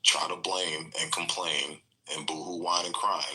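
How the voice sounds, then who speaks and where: A man's voice: low-pitched, little pitch movement, unhurried, pushed and bright, rough recording. A man arguing his point at length in a heated online debate, insisting on finishing before others speak. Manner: insistent, holds the floor. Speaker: debate panelist.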